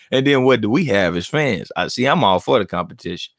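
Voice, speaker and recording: Animated, profane male boxing vlogger. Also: medium pitch, normal speed, no room sound, clean studio sound. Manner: animated, profane, laughing banter. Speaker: boxing commentator and channel host. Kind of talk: casual vlog commentary.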